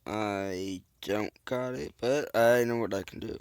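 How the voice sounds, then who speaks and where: Goofy slow-talking man playing a game. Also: on the low side, smooth, no echo, studio quality. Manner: goofy, rambling, self-mocking, with silly sound effects. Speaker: gameplay video host. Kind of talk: casual let's-play commentary.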